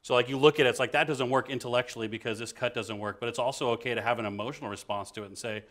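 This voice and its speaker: A young man, a creative professional, talking casually about his process and acting out quick quoted exchanges. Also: medium pitch. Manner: animated, acts out little quoted scenes. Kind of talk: casual explanatory talk.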